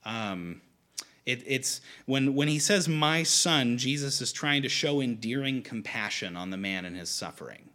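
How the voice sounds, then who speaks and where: A man's voice: mid-range voice, animated, measured pace, sharp tone. Guy preaching, talks super casual, lots of restarts, voice goes up and down a lot. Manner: conversational, with frequent restarts and fillers. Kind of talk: sermon.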